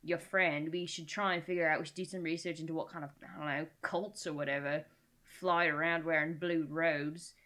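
A woman's voice: deep voice, fairly even intonation, a little fast, fairly bright tone. A woman voicing a blunt male adventurer with a put-on, bad Australian accent. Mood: scheming.

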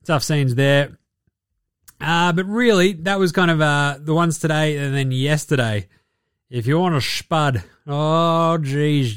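A man's voice: on the high side, a little slow, smooth, no echo, clean studio sound. An Australian man hosting a podcast, giving a sarcastic, profane basketball recap. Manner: sarcastic, swears freely. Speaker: podcast host.

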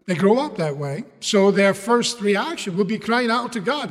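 A man's voice: sits high, moderate pace, long reverb tail. A man preaching a sermon in English, a language he learned later, telling stories and asking his listeners rhetorical questions. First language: not English. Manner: animated storytelling, rhetorical questions to the audience.

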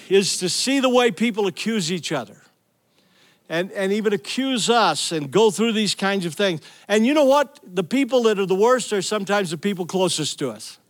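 A middle-aged male pastor preaching a sermon, telling stories with energy and calling out to the congregation. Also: high voice. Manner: energetic storytelling, calls out to the congregation.

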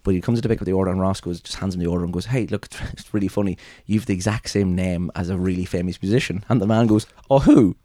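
A man hosting a podcast, telling stories in an animated way and swearing freely. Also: low voice, quick pace, few pauses, no room sound. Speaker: podcast host. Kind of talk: casual chat.

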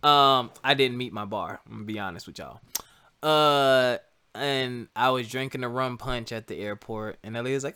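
A man casually telling a funny personal story to listeners, animated and laughing often. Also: medium pitch, moderate pace, clear, resonant tone. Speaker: co-host telling a couple's story.

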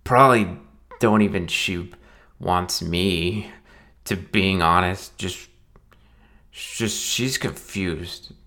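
A man's voice: low voice, takes it slowly, pushed and bright, exaggerated voice. A man doing a slurring, mumbling drunk groom. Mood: mumbling despair.

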